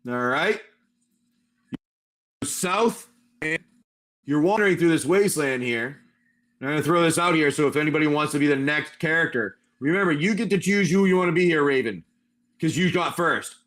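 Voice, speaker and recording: A man's voice: on the high side, normal speed, long pauses, fairly bright tone. A man improvising tabletop game narration on a live stream as game master. He rambles and corrects himself as he goes. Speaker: game master and livestream seller.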